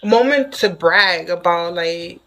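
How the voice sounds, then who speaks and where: A woman giving a casual spoken tarot reading to the viewer, excitable and chatty, who keeps checking in with "okay?". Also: fairly low pitch, a little slow, poor audio. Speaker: tarot reader.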